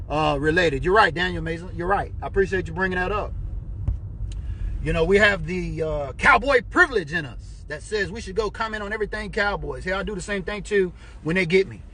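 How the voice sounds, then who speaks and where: A middle-aged American man hosting a casual live stream for his fan group, talking in a chatty, animated way and often asking "you know what I'm saying". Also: high-pitched, fairly quick, slight background noise. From United States. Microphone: computer or phone mic on a live stream.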